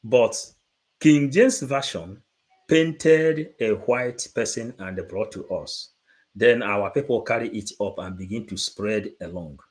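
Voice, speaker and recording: A man, giving an unscripted livestream talk, halting and repeating words, then rising into emphatic bursts. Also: mid-range voice, a little mellow. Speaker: livestream presenter.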